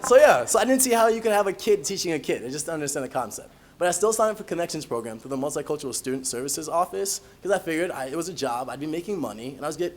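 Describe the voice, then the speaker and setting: A young man, a college student, telling humorous personal stories in an animated, self-mocking way. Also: a little high. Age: young adult.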